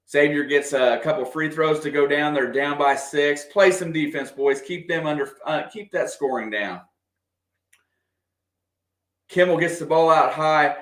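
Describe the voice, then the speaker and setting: A man doing casual, partisan play-by-play of a basketball game for a livestream, excitable and quick to react to the officials. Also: on the high side. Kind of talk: fan play-by-play commentary. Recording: echoey room.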